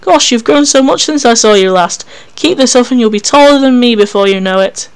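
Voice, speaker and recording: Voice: mid-range voice, lively intonation, a little fast, clear, resonant tone, natural voice. A reader voicing Hamifi, a doting female caretaker who talks to children in a gushing, affectionate way.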